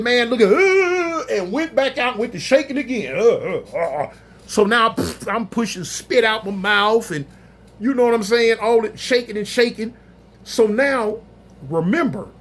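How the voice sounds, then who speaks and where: A man telling a story in a casual, animated, slangy way, acting out other people's voices. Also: high-pitched. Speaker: storyteller recounting prison life.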